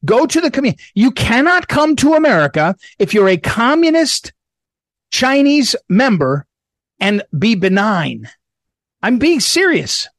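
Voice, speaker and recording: Male radio host, middle-aged, high voice, dry studio sound, emphatic, repetitive. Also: sing-song, moderate pace, a bit bright, no room sound. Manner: emphatic, repetitive, drops low when reading promos. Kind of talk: political talk commentary.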